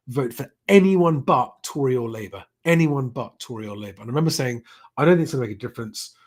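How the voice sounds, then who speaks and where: A man's voice: medium pitch, slightly rough. A middle-aged man hosts a casual live stream, reading out chat comments and rambling with many fillers and restarts.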